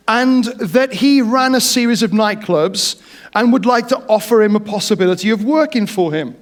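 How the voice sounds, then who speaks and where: Male preacher, higher voice, lively jokey storytelling sermon. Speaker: pastor.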